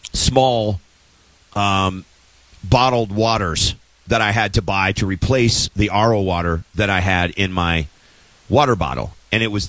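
A man's voice: on the low side, fairly bright tone, dry recording, rough recording. A man telling a story in a casual, exasperated rant, with sarcastic asides, as a host at the mic.

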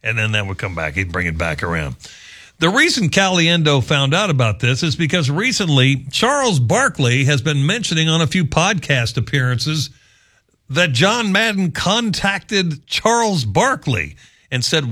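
A male sports radio host chatting in a lively, amused way. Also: on the high side, moderate pace. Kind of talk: casual talk show commentary.

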